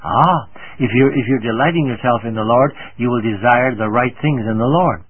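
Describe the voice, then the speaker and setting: An older man delivers a radio sermon in a slightly husky voice. He speaks earnestly and with emphasis, slowing down to read scripture aloud. The sound is thin and narrow, like an old radio broadcast. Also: medium pitch. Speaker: radio Bible teacher.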